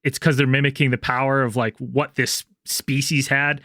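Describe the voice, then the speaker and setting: A man's voice: mid-range voice, flat delivery, moderate pace, sharp tone, a little hiss or hum. A man co-hosting a podcast, retelling ideas in casual chat with many fillers. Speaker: podcast co-host.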